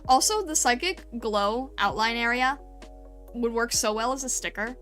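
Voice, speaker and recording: A woman's voice: fairly high pitch, animated, moderate pace, a bit bright, faint music behind. A woman streamer chatting casually and gushing over fan art, full of fillers and little laughs. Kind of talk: casual live-stream chat.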